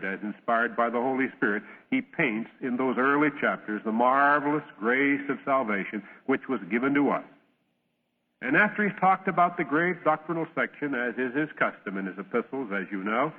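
A man preaching a sermon, reading scripture in a measured, solemn way and telling a parable. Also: medium pitch, lively intonation. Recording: tinny old radio broadcast, long reverb.

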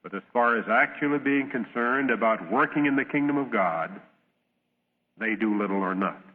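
A man preaching a sermon, reading scripture in a measured, solemn way and telling a parable. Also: medium pitch, expressive. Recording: tinny old radio broadcast, long reverb.

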